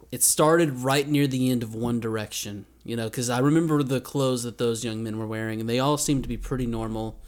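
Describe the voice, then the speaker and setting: A man co-hosting a podcast in casual comedic chat, laughing often and teasing his friend. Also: mid-range voice. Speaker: podcast co-host.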